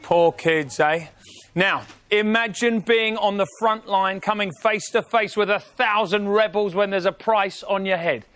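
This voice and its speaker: A man's voice: sits high, unhurried, fairly bright tone, clear, resonant tone. A young man hosting a comic TV chat show, cheeky and teasing. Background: studio audience.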